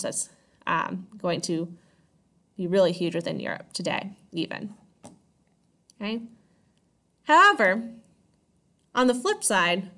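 A woman's voice: medium pitch, fairly bright tone. A woman teaching a history lesson in a casual, chatty way, often checking in with her listeners. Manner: chatty, checks in with 'right?' and 'okay?'. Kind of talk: casual classroom lecture.

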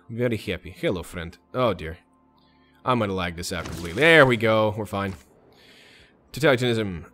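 A man's voice: lowish voice, fairly bright tone. A man hosting a let's play, chatting casually and muttering orders to his game units. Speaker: gaming channel host.

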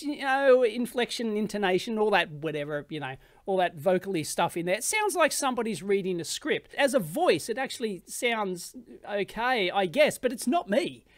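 A man's voice: high voice, dry recording, studio quality. Blunt, chatty Australian man. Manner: chatty and blunt, laughs often. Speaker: electronics video host. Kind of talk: casual commentary.

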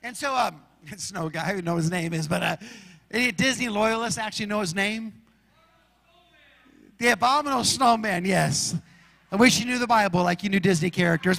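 A man from Arizona preaching a sermon as pastor, telling stories in an animated way and acting out shouts and roars. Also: high voice, moderate pace, gravelly, long pauses, in a large hall. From Arizona, USA.

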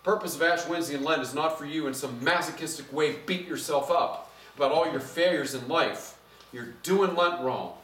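A middle-aged man preaching a sermon as pastor, conversational and animated, getting louder as he drives his points home. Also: mid-range voice, a little hiss or hum. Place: church sanctuary. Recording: echoey church from a distance.

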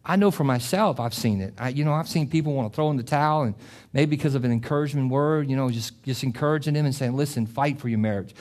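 A middle-aged man preaching a sermon as pastor. He talks with passion, often repeats and restarts phrases, and climbs to loud, emphatic peaks. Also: mid-range voice, quick pace. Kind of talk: sermon with closing prayer.

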